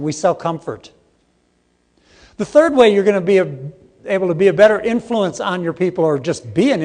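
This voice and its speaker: A middle-aged man's voice, sitting high but with a darkish tone, fills a conference hall with long reverb. He's giving a live training seminar, joking with his audience and quizzing them as he goes.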